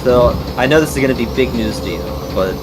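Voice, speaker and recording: A man's voice: medium pitch, fast talker. A young man chatting casually, telling a profane, rambling story full of fillers. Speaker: streamer. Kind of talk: casual chat. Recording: noisy background.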